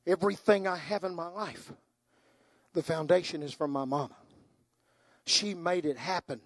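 An older man preaching a sermon, moving from hushed, tender storytelling to soaring, impassioned climaxes. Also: on the high side, moderate pace, no room sound.

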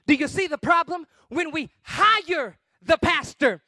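Man preaching, very high bright voice, emphatic, shouts then drops low, dry sound. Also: expressive, measured pace, no room sound. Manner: emphatic, swings between shouting and quiet asides. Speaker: guest preacher. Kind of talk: sermon.

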